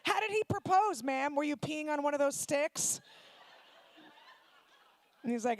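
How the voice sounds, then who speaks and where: A woman from Ukraine doing stand-up comedy, teasing audience members in quick banter on a handheld stage mic. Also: sits high, lively intonation. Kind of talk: stand-up comedy with crowd work. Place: comedy night venue before a live audience.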